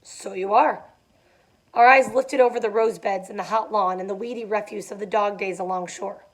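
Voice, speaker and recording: A woman's voice: medium pitch, fairly even intonation, a little fast. A young adult woman reading a novel aloud, dropping in casual asides with fillers. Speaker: reader.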